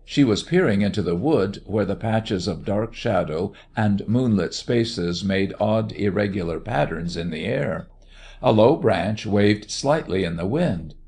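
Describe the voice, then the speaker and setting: A man narrating a story in a measured, expressive reading voice. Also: on the low side, breathy edge. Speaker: audiobook narrator.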